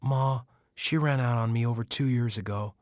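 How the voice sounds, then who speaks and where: A worn-down middle-aged man who stumbles over his words, voiced by a male narrator. His voice is lifted a little above the narrator's low register. The sound is dry and close. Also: steady tone, no room sound, lightly acted. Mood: defeated. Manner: halting, mumbling.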